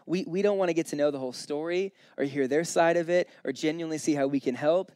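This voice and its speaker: A young man with a fairly high voice preaches in a relaxed, chatty way. He tells stories and briefly voices their characters. The sound is close and dry. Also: quick pace, no room sound. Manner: casual, storytelling, voices the people in his stories. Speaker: pastor. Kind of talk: conversational sermon.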